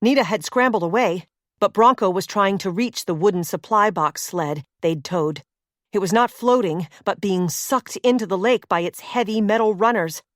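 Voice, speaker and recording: A woman reading a suspense novel as audiobook narrator, in a steady, measured way. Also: mid-range voice, dry recording, studio quality.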